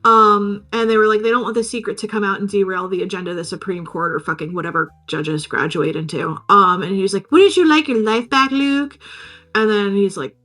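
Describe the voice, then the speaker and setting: A woman's voice: medium pitch, fairly quick, a bit bright. A woman co-hosting a podcast, casually recapping a film, swearing freely and acting out the characters in silly voices. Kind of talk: casual chat.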